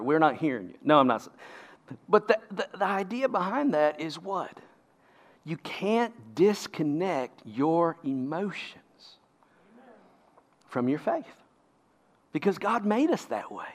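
A man's voice: on the high side, very animated, slow, pauses often. A man preaching a sermon as a pastor, emphatic and often asking the congregation rhetorical questions.

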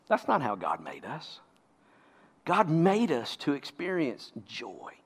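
A man's voice: on the high side, big pitch swings, measured pace, breathy edge. A man preaching a sermon as a pastor, emphatic and often asking the congregation rhetorical questions.

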